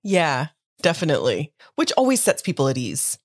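A woman co-hosting a podcast in casual chat, enthusiastic and quick to react. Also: sits low, huge pitch swings, no room sound, clean studio sound. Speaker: podcast co-host.

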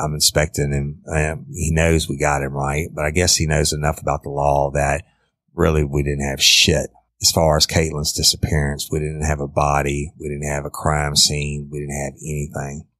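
Very deep, gravelly man. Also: fairly bright tone, no echo, clean studio sound. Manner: blunt and profane. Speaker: former detective. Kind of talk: casual true-crime storytelling.

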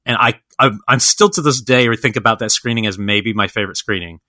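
Bright, eager man rambling about films. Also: fairly low pitch, brisk, no echo. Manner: enthusiastic, rambling with many fillers. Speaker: podcast co-host. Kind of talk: casual film chat.

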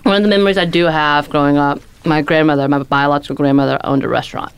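An American woman, a guest, talking casually over a meal. Her voice is very low with a gravelly fry, and she comes across as playful and excitable. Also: fast. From United States. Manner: playful, excitable, laughs often. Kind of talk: casual chat over food.

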